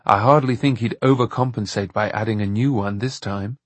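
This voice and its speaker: A man playing a calm, reasoning leader. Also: fairly low pitch, a little fast, no room sound, natural voice. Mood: thoughtful. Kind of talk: audiobook narration.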